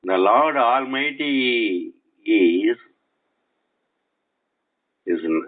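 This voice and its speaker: A man giving a spiritual lecture while lying in bed, speaking slowly and deliberately and repeating and spelling out words, recorded on a cell phone resting on his chest. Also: mid-range voice, animated, narrow, tinny audio. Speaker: spiritual teacher. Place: bedroom at night.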